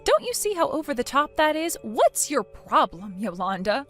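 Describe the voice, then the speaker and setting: A defiant young daughter-in-law mocks and needles in a high, animated voice, voiced by a woman. She sounds sarcastic. Soft music plays behind her. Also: normal speed. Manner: sarcastic, mocking. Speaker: narrator of the story.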